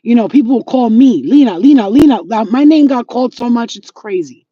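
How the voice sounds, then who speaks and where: A woman's voice: fairly high pitch, expressive, brisk, warm tone, slightly rough, no echo. A middle-aged woman speaks to her viewers in a blunt, streetwise monologue, cursing freely as she hands out life advice. She sounds like a spiritual healer talking casually rather than preaching. The audio is dull and lo-fi.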